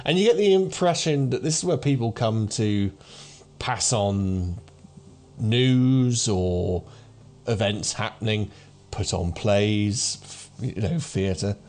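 A man's voice: fairly low pitch, slow pace, a little mellow. A man in his thirties narrating as game master for a tabletop game, rambling with many restarts. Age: 30s.

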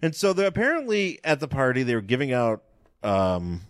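A man's voice: mid-range voice, wildly swooping pitch, normal speed, dry recording, clean studio sound. A man co-hosting a casual talk show in a playful, jokey way. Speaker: podcast co-host. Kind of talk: casual comic-book chat.

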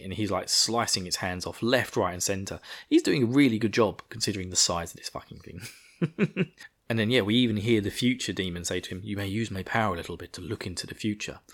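A man's voice: fairly low pitch, fairly bright tone. A man co-hosting a podcast, recapping an episode in a casual, rambling way and chuckling often. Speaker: podcast co-host. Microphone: podcast microphone.

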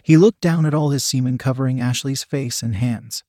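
A man reading a story aloud as a narrator, in an even, unhurried storytelling manner. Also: medium pitch, no echo. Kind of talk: scripted audiobook narration.

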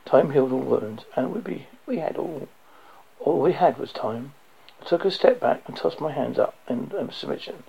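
A man reading a dark first-person story aloud, low and intense, sometimes dropping to a whisper. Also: lively intonation, normal speed, vocal fry, breathy edge. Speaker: audiobook narrator. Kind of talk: first-person audiobook narration. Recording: dull lo-fi recording.

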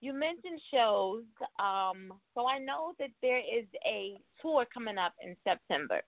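A woman's voice: medium pitch, lively intonation, measured pace, vocal fry, no room sound. A woman radio host interviewing a guest in a casual, playful way. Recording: tinny phone-like sound.

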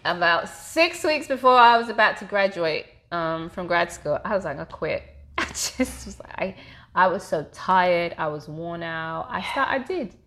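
Brief: woman, 30s, lower pitch, animated candid podcast guest who laughs a lot. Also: measured pace. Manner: animated, laughs often, repeats herself. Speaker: therapist guest. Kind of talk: casual podcast interview.

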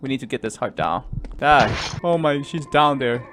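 Jumpy gamer man with a lively voice. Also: mid-range voice, normal speed, background noise. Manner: jumpy, shrieks and yelps when startled, then mutters quietly. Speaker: gaming YouTuber. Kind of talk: horror game let's play commentary.

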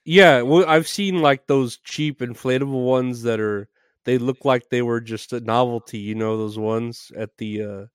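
A man hosts an interview in a smooth, resonant voice. He rambles and giggles, trailing off into crude tangents. The sound is dry and close to the mic. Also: medium pitch, measured pace, no echo. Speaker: interview host. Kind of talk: casual interview chat.

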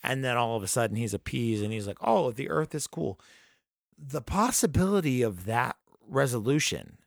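A man at an average pitch rants through a casual podcast chat, swearing freely as he vents. His voice is close and dry, with no room sound around it. He talks like a regular host sounding off to his co-host. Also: dry recording. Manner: profane, ranting, animated.

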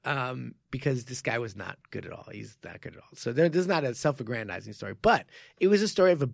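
Animated laughing man telling a story. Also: mid-range voice, fast talker, vocal fry, no room sound, studio quality. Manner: animated, laughs often, lots of restarts. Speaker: podcast co-host and martial arts coach. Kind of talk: casual storytelling chat.

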